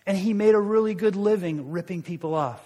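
Male pastor, fairly high voice, casual storytelling sermon, long hall reverb. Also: fairly quick, warm tone. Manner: conversational storytelling, frequent restarts.

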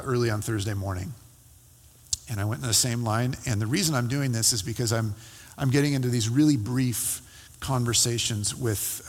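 A man preaching as a pastor, telling a personal story in a conversational, halting way with many fillers and restarts. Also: mid-range voice, long reverb tail. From California.

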